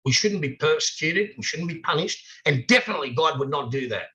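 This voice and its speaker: Older man, bright emphatic speaker. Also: fairly high pitch, expressive, brisk, rough recording. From Australia. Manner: emphatic, preachy, rhetorical questions. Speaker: author guest. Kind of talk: passionate interview talk.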